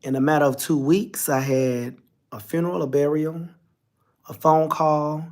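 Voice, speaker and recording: A man's voice: on the high side, steady tone, a little slow, a little mellow. A man, telling a personal story to his viewers, candid and emotional, speaking to them directly. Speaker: vlogger.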